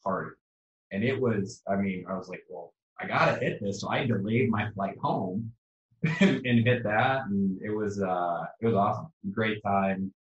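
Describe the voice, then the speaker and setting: A man talking as a guest in a casual chat, telling stories in a relaxed way. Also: lowish voice, normal speed, reverberant, muffled recording.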